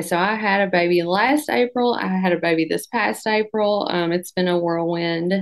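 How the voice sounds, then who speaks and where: A woman in her thirties chats as an interview guest, her lowish voice carrying a gravelly fry. She tells her story with lively energy, slips into playful voices when quoting herself, and laughs at herself often. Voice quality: self-deprecating, laughs often. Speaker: guest dietitian. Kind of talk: casual interview chat.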